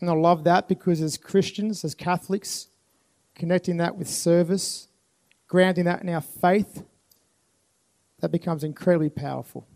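At a live event venue, a man speaks to a youth festival audience in a high, steady, slightly mellow voice with some creak. He talks at normal speed with long pauses, delivering an earnest motivational talk full of repeated phrases.

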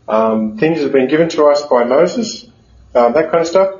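Higher-voiced male priest telling stories in echo. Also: a little mellow. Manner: conversational, with frequent fillers and restarts. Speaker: Catholic priest. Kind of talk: storytelling sermon. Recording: dull, echoey room.

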